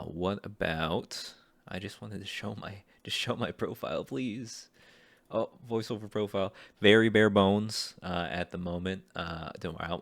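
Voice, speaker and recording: In a laid-back screen-share vlog, a young man hoping to become a voice actor looks through voice acting jobs while rambling hesitantly and putting himself down. His voice sits low and is creaky, with no echo in the recording.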